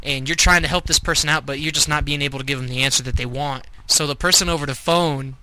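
Bright-voiced profane young man. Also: on the high side, fast, rough recording. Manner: profane, animated storytelling. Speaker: podcast co-host. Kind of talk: casual chat.

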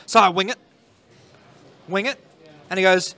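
A man's voice: high-pitched, unhurried, pauses often, pushed and bright. A man co-hosting a live podcast, telling a story in slangy, chatty banter. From Australia. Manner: storytelling, slangy, quotes others in voices. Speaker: podcast co-host.

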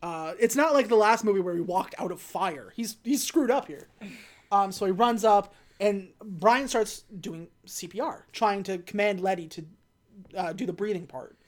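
Woman, mid-pitched, chatty podcast co-host who retells movie scenes with lively character bits. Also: normal speed. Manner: animated storyteller, acts out characters' lines. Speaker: podcast co-host recapping a film. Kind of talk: casual chat.

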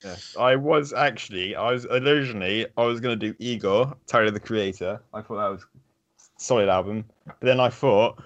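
A man's voice: on the low side, moderate pace, lo-fi sound. A man chatting as a podcast guest, talking eagerly and rambling with lots of fillers. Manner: enthusiastic, rambling with many fillers. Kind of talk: casual chat.

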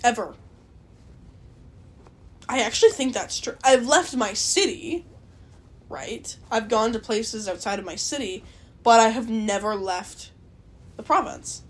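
A woman's voice: fairly high pitch, lively intonation, unhurried, pauses often, breathy edge. Young canadian girl rambling on her podcast, swears lots, voice bouncing up and down. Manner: rambling, swears a lot, laughs often. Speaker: podcast host. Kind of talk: casual solo chat.

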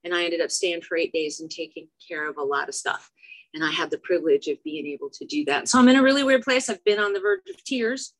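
A woman's voice: fairly low pitch, fast talker. A middle-aged woman from Chicago giving a candid, self-deprecating recovery share at a meeting, often checking in with "right?". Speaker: AA meeting speaker. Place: church meeting room before an audience.

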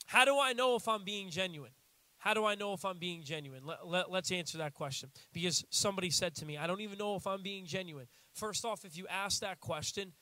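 A young American man preaching a sermon in a casual, animated way, acting out little quotes as he goes. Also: high-pitched, no room sound. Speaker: pastor.

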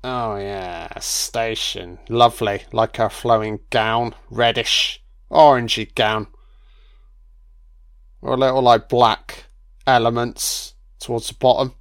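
Guy doing movie commentary, swears a lot, mid pitch, crude and jokey. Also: fairly even intonation, slow, clean tone. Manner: crude, swears freely, voices characters mockingly. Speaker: film commentator. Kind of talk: casual film commentary.

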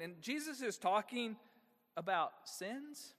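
Animated pastor preaching in a reverberant hall. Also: male voice, high voice, moderate pace. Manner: engaging, asks the congregation frequent rhetorical questions. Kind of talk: sermon.

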